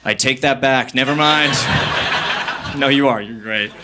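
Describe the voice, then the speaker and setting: A young man doing stand-up comedy on a stage into a handheld mic, energetic and self-mocking, jumping into voices. The live comedy club recording carries audience noise. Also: medium pitch, a little slow.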